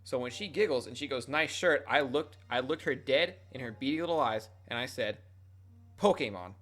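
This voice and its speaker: A man's voice: mid-range voice, a little fast, a bit bright. A young adult man streaming, casually telling a rambling, profane, self-mocking story to his chat.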